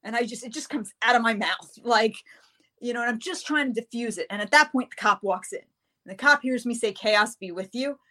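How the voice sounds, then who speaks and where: Lively woman author telling a story. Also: a little fast. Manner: lively, acts out the people in her story with big pitch jumps. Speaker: guest author. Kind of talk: animated storytelling in an interview.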